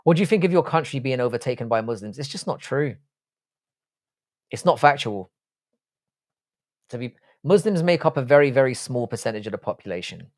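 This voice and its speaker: This is a livestream host from Cork, Ireland, with a mid-range, expressive, slightly mellow voice; he speaks a little fast but pauses often. He reads viewer questions and answers them bluntly, swearing a lot and switching between jokes and asides.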